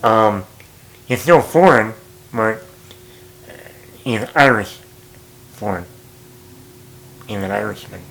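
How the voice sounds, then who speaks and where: A man's voice: on the low side, expressive, takes it slowly, gravelly, pauses often, fairly bright tone, poor audio. A man talking casually about movies, rambling and correcting himself as he goes, with an occasional chuckle. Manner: rambling, self-correcting, chuckles at own jokes. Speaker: movie vlogger.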